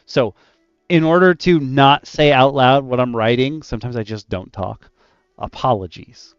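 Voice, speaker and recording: Casual chatty man, clear dry lo-fi sound. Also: medium pitch, normal speed, no room sound, faint music behind. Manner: animated and loose, heavy use of "like". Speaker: dungeon master discussing adventure design. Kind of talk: casual roundtable chat.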